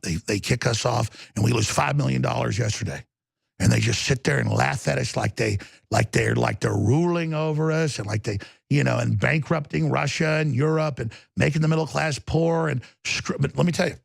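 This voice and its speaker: Gravelly, husky-voiced ranting male host. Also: mid-range voice, dry recording. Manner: intense, emphatic, rambling. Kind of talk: ranting talk show monologue.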